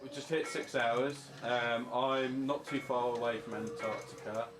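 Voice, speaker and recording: Man, relaxed gameplay commentary, loud game music, mid-pitched voice. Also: unhurried. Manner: laid-back, offhand. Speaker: gamer commentating his own play.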